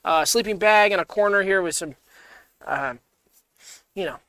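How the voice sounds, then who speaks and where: A man co-hosting a live-stream podcast in casual chat, rambling with halting restarts. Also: sits high, clean tone, dry recording. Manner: mock-scared shouting while reading chat. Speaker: podcast co-host.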